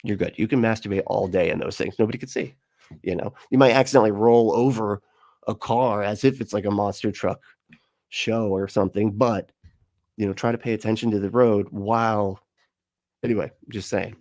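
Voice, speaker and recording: A man's voice: lowish voice, steady tone, moderate pace, darkish tone. A man hosting a livestream, reading chat comments in a rambling, jokey way and laughing often.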